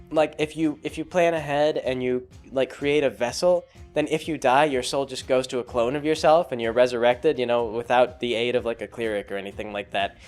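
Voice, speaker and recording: A man casually recapping a tabletop game session in a rambling way, full of fillers and chuckles. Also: mid-range voice.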